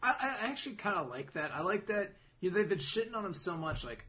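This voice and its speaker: A podcast co-host talking casually in a bright, forceful voice with a lively, swinging pitch range. They swear a lot and throw in exaggerated, mocking voices for the characters. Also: fast talker, hardly any pauses. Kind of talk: casual chat.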